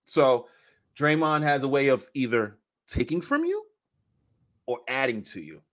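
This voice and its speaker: A man talking basketball on a podcast mic, animated and full of laughs. His pitch sits in the usual middle range. He acts out bits of what players said as he goes. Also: unhurried. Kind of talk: casual sports chat.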